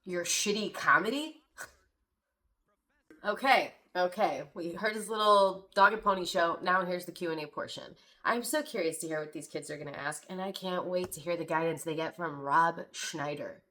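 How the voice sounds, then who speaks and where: A woman's voice: lowish voice, normal speed, sharp tone. Sarcastic, indignant woman podcast host. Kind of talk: reaction commentary.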